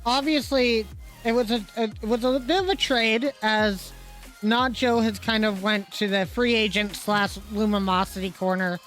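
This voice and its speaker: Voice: mid-range voice, steady tone, unhurried, fairly bright tone, soft background music. A podcast host leading the chat and asking a guest questions, with some fillers.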